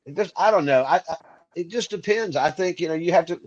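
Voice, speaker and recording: Halting man on a dull lo-fi line. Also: a little high. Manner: halting, restarts often. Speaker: podcast co-host. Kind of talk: casual chat. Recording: dull lo-fi sound.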